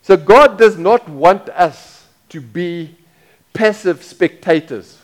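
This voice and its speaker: A man's voice: high voice, takes it slowly. A middle-aged man preaching a sermon as pastor, talking casually, repeating phrases and asking the congregation questions.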